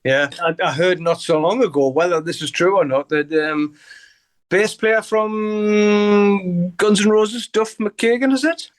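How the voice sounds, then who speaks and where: A man's voice: high-pitched, measured pace. Older Geordie man, salty and laughing. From Newcastle, England. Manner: swears freely, laughs often, acts out voices in anecdotes. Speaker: guest musician. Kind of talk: casual interview storytelling.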